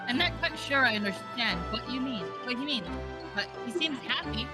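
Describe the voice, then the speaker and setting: A woman's voice: on the high side, lively intonation, normal speed, lightly acted. A woman doing a courteous young legal assistant. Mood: polite. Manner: polite, formal, courteous. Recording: very loud game music behind.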